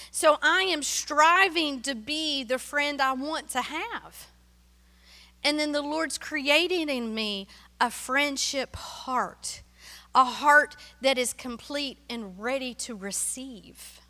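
A middle-aged woman from Tennessee giving an animated, emotional sermon-style testimony that drops to hushed asides. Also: high voice, big-room sound.

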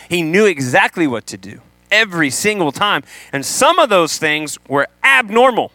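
A man preaching a sermon to a room, animated, acting out the people he quotes. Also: high-pitched, normal speed, dry recording. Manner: animated, acts out quoted voices.

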